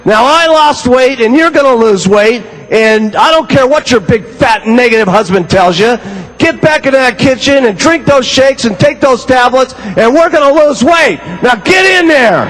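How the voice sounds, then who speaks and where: A man's voice: very high voice, animated, moderate pace, fairly bright tone, voice pushed up, low-quality recording. A man acting out a bossy diet distributor rallying a customer. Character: pushy upbeat diet distributor.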